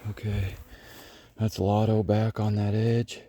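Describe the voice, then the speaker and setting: A man with a lowish, level voice speaks slowly as he trains bird dogs in the woods, explaining to the camera while walking and loudly calling and praising his dogs. Birds and outdoor noise fill this field recording.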